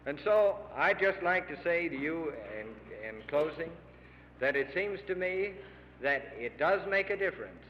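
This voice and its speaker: A middle-aged man with a voice on the high side earnestly and emphatically pleads with farmers in a public speech. The lo-fi archival radio recording has long hall reverb and slight background noise.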